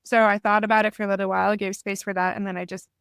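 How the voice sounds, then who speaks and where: Podcast guest, woman, reflective storyteller with a smooth, clear voice and a close, dry sound. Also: medium pitch, flat delivery, very fast, fairly bright tone, no room sound. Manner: candid, reflective, self-deprecating. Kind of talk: conversational storytelling.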